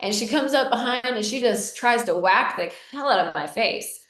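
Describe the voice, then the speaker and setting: A woman's voice: a little high, expressive, moderate pace, a bit bright. A woman vlogger telling a personal story in a candid, direct way, addressing her viewers with many fillers. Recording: roomy echo.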